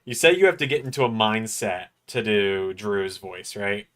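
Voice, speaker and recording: A young man hosting a casual watch-along, chatty and knowledgeable with quick asides. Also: fairly low pitch, expressive, fairly bright tone. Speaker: host.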